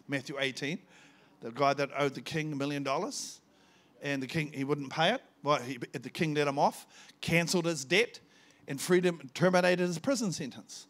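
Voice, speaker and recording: Older man preaching. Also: a little high. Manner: animated storytelling, acting out dialogue. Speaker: visiting preacher. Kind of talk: sermon with personal testimony.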